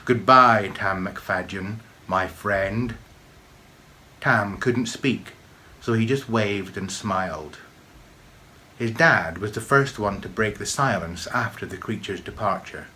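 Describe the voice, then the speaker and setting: A man reading aloud his own children's story with expressive, measured storybook narration. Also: lowish voice, a little hiss or hum.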